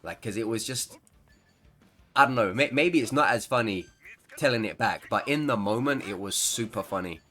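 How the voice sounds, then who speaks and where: A man's voice: lowish voice, expressive, moderate pace, a bit bright, soft background music. A man chatting casually over gameplay as a gaming creator, rambling and laughing mid-sentence.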